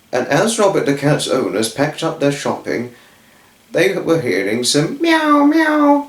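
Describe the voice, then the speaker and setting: A man reading a children's story aloud, rambling and often correcting himself. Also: mid-range voice. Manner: rambling, with frequent self-corrections. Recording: roomy echo.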